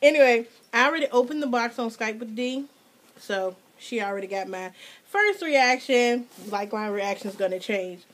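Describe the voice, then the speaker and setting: A mother filming a casual unboxing vlog at home, gushing and excitable, her voice jumping to squeals when she is thrilled. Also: a little high, moderate pace. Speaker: mother and hobby vlogger. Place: home with children nearby.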